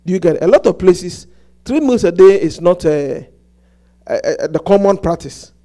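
In a sermon, a pastor with a high-pitched voice pushes his message in fits and starts, with plenty of restarts. Repetitive, animated and insistent, he keeps turning to the congregation to ask, "Do you get it?"

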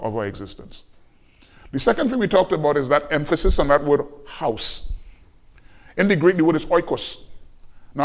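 A man preaching a sermon as pastor, emphatic and repetitive, slowing down to quote scripture. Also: a little high. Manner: emphatic preaching, repeats key phrases, slows on scripture quotes.

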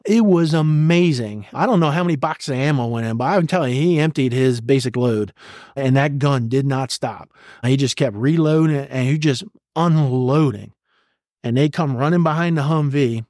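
A middle-aged man, a retired army sergeant major, guests on a podcast interview and tells intense combat stories in a blunt, profane, vivid way, acting out shouted orders. His voice is medium-pitched and his speed normal. The recording is studio quality with no echo.

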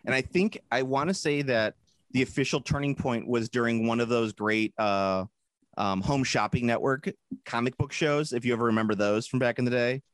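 A man co-hosting a podcast in casual chat, rambling and animated, often breaking into silly put-on voices. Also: medium pitch, normal speed, dry recording, studio quality. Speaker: podcast co-host.

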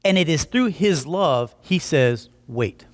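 A young male pastor delivers a sermon in an animated, story-driven way. His voice sits high and swings widely in pitch as he acts out what people say. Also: measured pace. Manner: animated, jokey storytelling with acted-out quotes.

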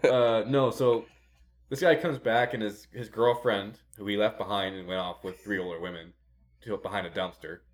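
A man's voice: lowish voice, fairly even intonation, moderate pace. A man chatting casually with friends on a podcast, rambling through stories and laughing often. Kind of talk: casual chat.

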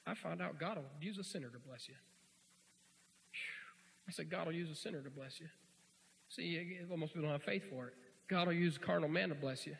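A man preaching a sermon in a folksy, joking way, swinging from quiet asides to loud shouts, in a church. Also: fairly high pitch, a little fast, vocal fry, pauses often. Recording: hall reverb.

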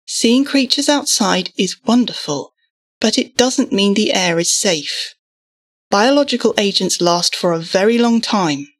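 A woman's voice: medium pitch, expressive. A woman doing a firm, weary mother. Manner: firm and measured.

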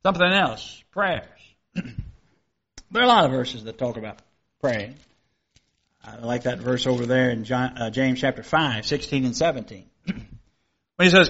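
Male preacher, high bright voice, folksy sermon style with rhetorical questions, dull lo-fi recording. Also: expressive, a little slow.

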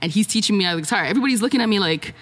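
A woman's voice: medium pitch, racing. A young woman from Jamaica, a podcast guest, telling a story casually and acting out what others said. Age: young adult. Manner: animated, acts out quotes of others.

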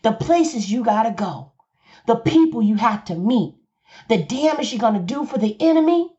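A woman's voice: a little high, lively intonation, normal speed, dark tone, muffled recording. A woman pastor with a Southern US accent, preaching passionately on a podcast and repeating her points. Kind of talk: podcast sermon.

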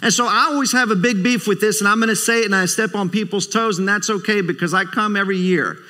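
A guest preacher delivers a sermon in a high, pushed, bright voice, talking fast. He is emphatic, repeats phrases for stress and calls out for amens from the congregation.

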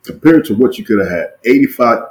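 A man's voice: mid-range voice, lively intonation, a little fast, low-quality recording. A man co-hosting a sports podcast in casual chat, slangy and emphatic, repeating phrases for effect. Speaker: podcast co-host.

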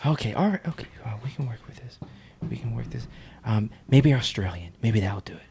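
A man's voice: medium pitch, lively intonation, fairly quick, vocal fry, noisy background. A man calling in, eager and stammering, giggling as he asks for requests. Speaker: caller. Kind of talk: comedy sketch.

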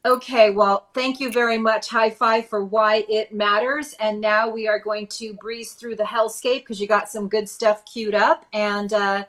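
A woman's voice: medium pitch, level tone, unhurried, hardly any pauses, fairly bright tone. A woman hosting a political talk podcast in a chatty, emphatic way. She keeps the show moving and hands off from one segment to the next. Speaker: podcast host. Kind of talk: casual political chat.

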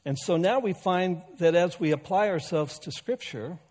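A man preaches a sermon in a friendly, folksy manner, mixing teaching with jokes and asides to people in the pews. His voice sits a little high for a man. The sound carries the long reverb of a church sanctuary. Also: moderate pace, a little mellow. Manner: folksy and conversational, with humor and asides to the congregation. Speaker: pastor.

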